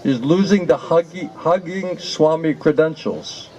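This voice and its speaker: A man with a fairly high voice tells a humorous anecdote at an unhurried, drawn-out pace. He stretches his words, laughs between lines, and keeps repeating the same mock-pleading question for comic effect. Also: a little mellow, highs cut off. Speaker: storyteller to an audience.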